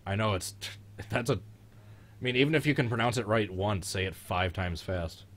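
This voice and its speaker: A young man hosting a live-streamed race reaction, joking and excitable in casual commentary. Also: fairly low pitch, normal speed. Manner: joking, excitable, mild swearing. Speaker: host of a live-streamed racing reaction show.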